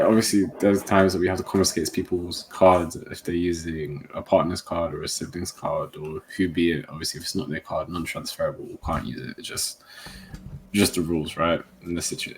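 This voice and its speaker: A young man telling a work story in animated bursts on a group video call. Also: low-pitched, fairly quick, a little hiss or hum. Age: young adult.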